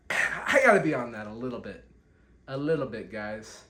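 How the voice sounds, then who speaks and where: A man's voice: medium pitch, animated, normal speed, fairly bright tone. A young man hosting a solo podcast, rambling and self-deprecating as he catches viewers up, recorded on a phone. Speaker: podcast host. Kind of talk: solo catch-up vlog talk. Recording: echoey room, faint background hiss.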